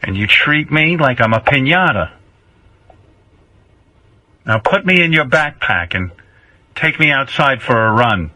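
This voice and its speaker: A man's voice: medium pitch, lively intonation, a little slow, pauses often, bright, forceful tone, no echo, voice pushed up, low-quality recording. A man playing a nagging, guilt-tripping older mother who acts like a martyr, whining and repeating the same complaints in a comic improvised bit. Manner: whiny, theatrical, repeats complaints.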